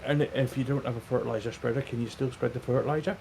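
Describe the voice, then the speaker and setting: A man's voice: mid-range voice, steady tone, very fast, warm tone, slight background noise. A British man joining a game stream, chatting casually with dry, joking quips. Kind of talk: casual gaming chat.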